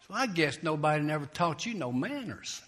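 Man playing a folk-tale rabbit trickster, sly, chatty, loud high exclamations, bright edgy voice. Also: sing-song, normal speed, in a large hall. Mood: brash friendly. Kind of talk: storybook retelling.

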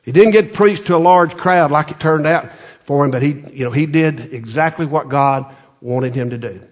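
A man preaching a folksy sermon, telling stories with many restarts and building to loud, emphatic peaks. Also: fairly high pitch, normal speed. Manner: folksy storytelling, repeats words, rises to loud emphatic peaks.

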